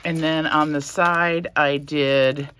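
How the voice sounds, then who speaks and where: A woman vlogger casually showing a handmade journal, soft-spoken and a little emotional, rambling with fillers. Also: sits low, fairly even intonation, slow pace, clear, resonant tone. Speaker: crafting vlogger. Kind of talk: casual show-and-tell.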